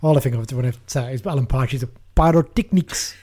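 Fast-talking, mellow-voiced podcast host man. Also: medium pitch, fairly even intonation, husky. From England. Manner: chatty, upbeat, laughs easily. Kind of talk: casual football podcast chat.

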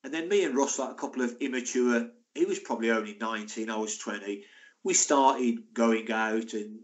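A man, a former footballer telling lively anecdotes as a podcast guest. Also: medium pitch, normal speed. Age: 60s. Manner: animated, laughing anecdotes. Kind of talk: casual storytelling.

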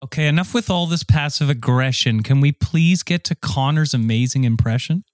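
A man co-hosting a comedy podcast, halting and stop-start as he fumbles through celebrity impressions. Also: medium pitch, dry recording, clean studio sound. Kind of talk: improvised comedy banter.

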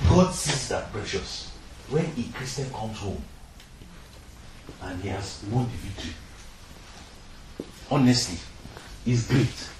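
A man preaching a sermon to young people, acting out little dialogues and laughing now and then. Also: medium pitch. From Nigeria. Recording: echoey room, heard from a distance, noisy.

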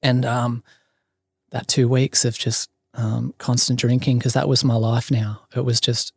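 A man's voice: mid-range voice, little pitch movement, a little slow, creaky, slightly rough, dry recording. An Australian man telling a long story in casual chat, full of ums, likes and swearing. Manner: rambling, many ums and likes, swears freely. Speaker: podcast guest.

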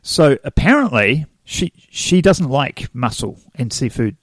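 Relaxed New Zealand man chatting. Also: mid-range voice, measured pace, dry recording, clean studio sound. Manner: relaxed, chatty, laughs while telling a story. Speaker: podcast co-host. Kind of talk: casual chat, storytelling.

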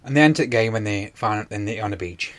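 A man's voice: lowish voice, fast. A man, casually retelling a TV episode on a podcast, rambling with many fillers. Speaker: podcast co-host. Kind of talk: casual chat.

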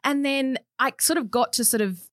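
A young woman co-hosting a podcast, telling stories in an expressive, animated way. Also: high-pitched, moderate pace, dry recording. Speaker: podcast co-host. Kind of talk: casual chat.

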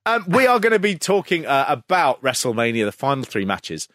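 Animated man rambling on a podcast. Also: mid-range voice, fairly quick, dry recording, studio quality. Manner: rambling, self-deprecating, lots of fillers and restarts. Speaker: podcast co-host. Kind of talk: casual comedic chat.

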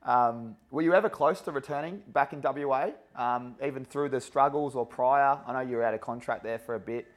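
An Australian man hosts a relaxed podcast chat in a mid-range voice. He is friendly and laughs along, with plenty of matey slang. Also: medium pitch, fairly quick, few pauses. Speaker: podcast host.

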